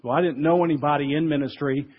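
A man's voice: on the high side, fairly even intonation, fast talker, dull audio. A man preaching a conversational sermon as pastor, acting out the voices he quotes.

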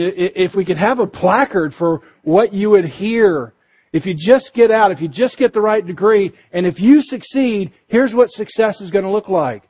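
A male pastor preaching a sermon, emphatic, pushing his voice up for stress and dropping low and quiet to drive points home. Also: husky, muffled recording. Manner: emphatic, rises and drops for stress.

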